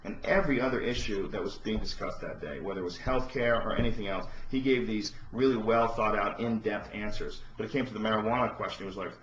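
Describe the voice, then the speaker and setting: A man hosting a podcast, delivering a profane, impassioned monologue that rises into near-shouts. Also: on the low side, quick pace, few pauses. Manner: profane, ranting, rising to shouts. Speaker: podcast host. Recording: roomy, dull lo-fi podcast audio.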